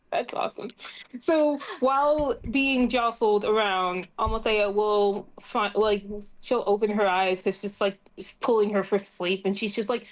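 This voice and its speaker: A woman's voice: mid-range voice, measured pace. A woman player describing her character's actions in a tabletop game, giggling and filling her talk with "like". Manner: giggly, full of "like" fillers.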